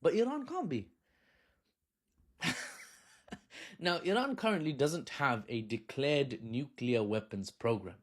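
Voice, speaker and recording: A man's voice: medium pitch, lively intonation, slow, pauses often. A man giving casual political commentary in a sarcastic, mocking way, with chatty slang.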